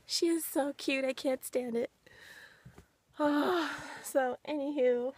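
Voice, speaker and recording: A high-pitched woman chatting in a casual home vlog. She speaks unhurriedly and giggles often. Her voice is close and dry, with no room sound. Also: takes it slowly, no room sound. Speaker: vlogger.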